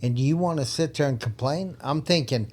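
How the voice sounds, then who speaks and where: A man's voice: fairly high pitch, moderate pace, a little mellow. Blunt older man telling cop stories. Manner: blunt, laughing, emphatic. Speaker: retired police officer guest. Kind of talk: casual storytelling.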